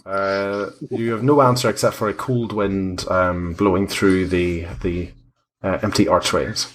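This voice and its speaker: A man's voice: deep voice, steady tone, measured pace. A man running a tabletop game as game master, describing scenes with many fillers and restarts. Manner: rambling, hesitant descriptions.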